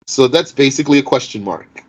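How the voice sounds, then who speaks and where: A man with a medium-pitched voice gives an explanatory lesson on Arabic grammar, posing rhetorical questions and reciting Arabic quickly. The audio quality is poor.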